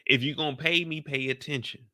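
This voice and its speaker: A man's voice: a little high, fairly even intonation, fairly quick, pushed and bright, no echo, clean studio sound. A man giving loose, joking, slang-filled commentary after a TV episode. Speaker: show commentator. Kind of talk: casual after-show commentary.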